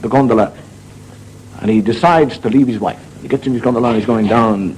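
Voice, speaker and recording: An Irishman doing a stand-up monologue, spinning stories and dropping into sudden high comic voices. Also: a little fast, long pauses, very noisy. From Ireland. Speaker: comedian.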